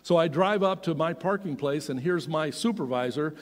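A middle-aged man telling a personal story as a sermon, animated and swinging from loud to hushed. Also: a little high, moderate pace. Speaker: pastor. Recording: long hall reverb.

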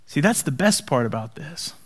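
A man's voice: a little high, sing-song, normal speed, husky. A male pastor preaching a dramatic sermon, dropping to near-whispers for emphasis and adding playful asides.

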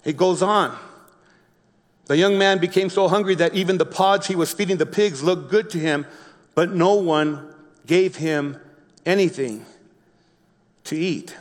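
A man preaching a sermon, reading a Bible story slowly and explaining it in his own words with frequent restarts. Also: high voice, in a large hall. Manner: reads scripture slowly, then explains with repeated restarts. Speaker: pastor.

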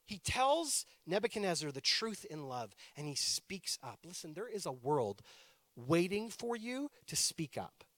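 Man, 30s, pastor; high, animated delivery, casual storytelling sermon, dry close sound. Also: unhurried, dry recording. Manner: conversational, animated storytelling with playful asides. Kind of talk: sermon with personal stories.

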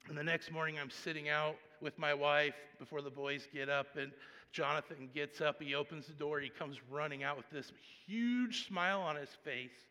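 Preaching a sermon in a large church sanctuary, a pastor tells stories conversationally in a fairly high, bright, forceful voice with a steady tone at normal speed. He swings between hushed asides and loud bursts, and the room gives his words a long reverb.

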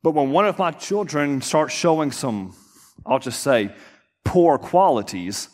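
Storytelling pastor in a reverberant hall. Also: male voice, a little high, measured pace. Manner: storytelling, animated, acts out quotes. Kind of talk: sermon. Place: church sanctuary.

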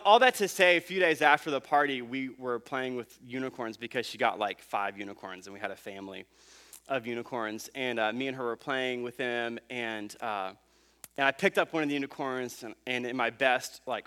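Preaching a sermon, a man in his thirties relates a family anecdote casually, restarting sentences and using fillers. His voice is medium in pitch; he is a pastor.

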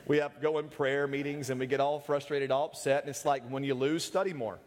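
A man's voice: mid-range voice, steady tone, fairly quick. A man preaching a humorous sermon, joking and teasing his listeners and laughing often as he goes. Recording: echoey hall with long reverb.

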